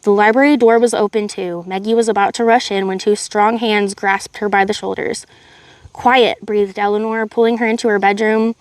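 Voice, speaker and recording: A woman reading a novel aloud on a live stream in a steady voice, with chatty asides to her viewers. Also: mid-range voice, a little fast, hardly any pauses, smooth, no room sound. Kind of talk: live read-aloud narration.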